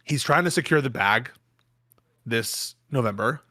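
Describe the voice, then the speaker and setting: A man in relaxed political banter who jokes and swears casually. His voice is bright and forceful at a middle pitch, and it is recorded dry and close. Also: unhurried, no room sound. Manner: laid-back, joking, swears casually. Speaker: podcast guest.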